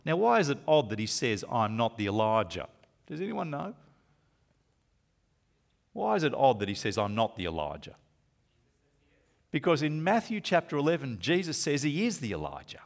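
An animated male preacher whose pitch leaps and falls as he teaches. He drives points home loudly, then slows to soft, near-whispered asides. His delivery has the steady rhythm of a sermon. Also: gravelly. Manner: animated, rises loud for emphasis, slows to hushed asides.

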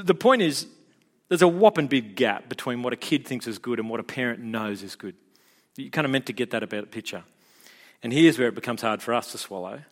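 A middle-aged man with an Australian accent preaching a sermon in a chatty, joking way, often stumbling and repeating words. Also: medium pitch. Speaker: pastor. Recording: long hall reverb.

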